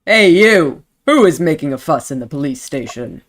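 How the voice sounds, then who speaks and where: A woman's voice: low voice, sing-song, moderate pace, pitched below the performer's own voice. A woman voicing a stern male police sergeant who barks orders at an officer. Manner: barking, authoritative.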